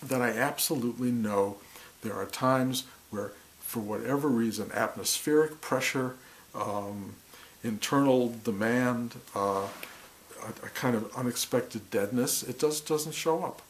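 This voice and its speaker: A man giving a slow, reflective spiritual talk, speaking softly and often dropping to a near whisper. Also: medium pitch, slight background noise, rough recording. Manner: slow, soft, intimate, drops to near whispers.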